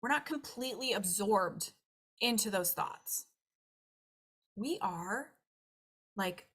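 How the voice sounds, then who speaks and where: A young adult woman coaching on nutrition in a casual, chatty way, her tone bright and clear. She talks animatedly and slips into little acted voices for the thoughts in her head. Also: mid-range voice, slow, long pauses. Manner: animated, acts out her own inner thoughts in quoted voices. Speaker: nutritionist and weight loss coach.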